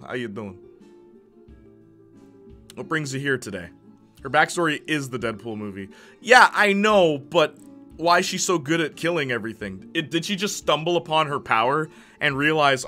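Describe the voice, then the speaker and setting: Animated young man chatting on stream. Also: fairly high pitch, moderate pace, soft background music. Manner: animated, chatty, stammers and repeats words; laughs often between remarks. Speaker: live streamer. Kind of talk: casual live-stream chat.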